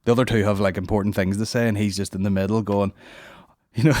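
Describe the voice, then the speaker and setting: A man's voice: lowish voice, a little mellow, dry recording, clean studio sound. A young man hosting a comedy podcast, rambling and swearing in a casual monologue. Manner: rambling, profane, puts on silly voices.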